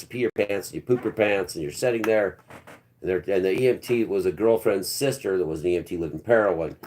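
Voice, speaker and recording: A man's voice: low voice, darkish tone. A man hosting a live stream, telling a long personal story in a rambling, blunt, earthy way.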